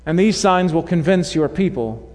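A young man preaching a sermon, animated and storytelling, acting out voices in the quotes he tells. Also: a little high, moderate pace, soft background music. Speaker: pastor. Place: church sanctuary. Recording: long reverb of a church hall.

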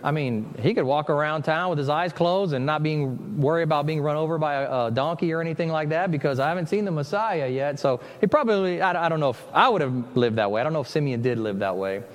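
A man's voice: on the high side, quick pace, hardly any pauses. A man preaching a conversational sermon as pastor, often breaking off mid-sentence and acting out little quoted exchanges. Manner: conversational, self-interrupting, acts out quoted voices. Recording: long hall reverb.

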